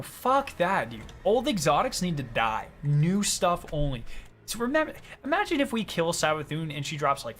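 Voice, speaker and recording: A man chatting casually on a gaming stream, excitable and ranting with plenty of swearing. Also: a little high.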